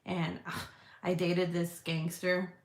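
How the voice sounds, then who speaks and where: A woman's voice: on the low side, level tone. Frank, swearing woman in an echoey room. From United States. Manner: frank and profane, quick to laugh. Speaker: vlogger answering viewer comments. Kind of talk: casual chat.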